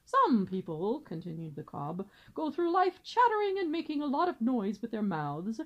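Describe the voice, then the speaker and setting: A woman's voice: a little high, huge pitch swings, normal speed, lo-fi sound. A woman reading aloud and voicing a pompous, long-winded male father swan who lectures formally. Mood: lecturing.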